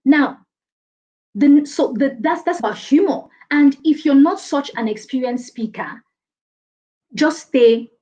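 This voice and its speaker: A woman's voice: high-pitched, slow, long pauses, warm tone. A woman coaching an online class on presentations, reading out viewer comments and laughing often. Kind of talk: live online training session. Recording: dull lo-fi stream audio.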